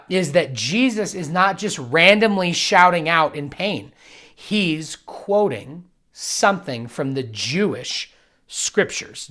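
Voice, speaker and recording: A man's voice: high-pitched, fairly bright tone. A young man, a pastor, giving an earnest and reflective devotional teaching that builds to emphatic bursts. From United States.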